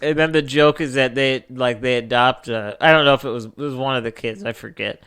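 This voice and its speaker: A young man co-hosting a casual podcast chat, animated and swearing freely as he retells movie scenes. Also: medium pitch, fairly quick, smooth. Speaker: podcast co-host.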